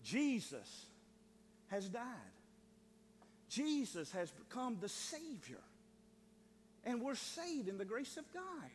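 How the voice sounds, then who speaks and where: Fervent high-voiced preacher in a reverberant church. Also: male voice, takes it slowly, pauses often. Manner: fervent, animated, repetitive emphatic phrases. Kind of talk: sermon. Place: church sanctuary. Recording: long reverb of a church hall, faint hum.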